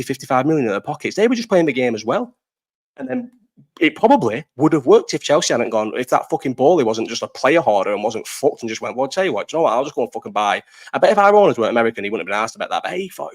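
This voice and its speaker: A young man hosting a live chat, ranting casually about football, sweary and rambling, answering people in the chat. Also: mid-range voice. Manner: animated, sweary, rambling, talks to chat readers.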